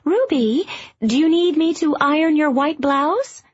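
A woman reading aloud, voicing a doting middle-aged mother with a high, fussing manner. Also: sing-song, normal speed, husky, no room sound, muffled recording.

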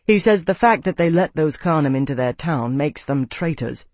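A man voicing a thoughtful, grim young male army captain in a level, deliberate manner. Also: fairly high pitch, expressive, darkish tone, dry recording.

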